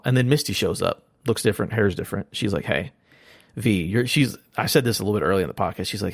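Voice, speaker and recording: A man with a lowish, gravelly voice talks fast in a casual podcast chat, retelling a story and slipping into quoted lines as he goes. The recording is dry and close, with no room sound. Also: dry recording. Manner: rambling retelling of a game plot, quoting characters. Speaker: podcast guest.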